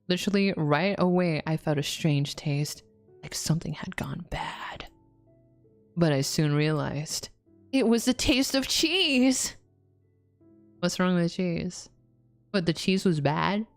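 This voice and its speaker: Woman game streamer, reads story text and reacts, laughs a lot, slow delivery, low voice. Faint music behind. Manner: laughs often, jumpy exclaiming reactions. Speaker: VTuber streamer.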